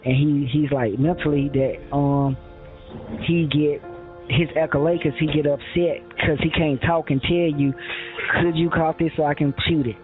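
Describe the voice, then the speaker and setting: A man's voice: a little high, fairly even intonation, normal speed. A man telling his story in a rambling way, quoting other people, with many fillers and restarts, in a phone interview. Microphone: phone line. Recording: tinny phone line with faint music.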